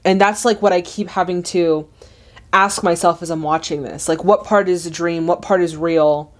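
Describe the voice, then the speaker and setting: A woman's voice: on the low side, moderate pace. Chatty woman reacting to a movie. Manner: animated, exclaiming, chatty.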